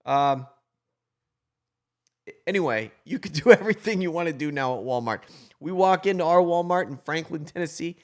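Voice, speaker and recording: A man's voice: fairly high pitch, lively intonation, normal speed, long pauses. Easygoing middle-aged man rambling on a livestream. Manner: rambling, easygoing, joking asides. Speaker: prankster hosting a livestream. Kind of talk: casual livestream chat, reading viewer comments.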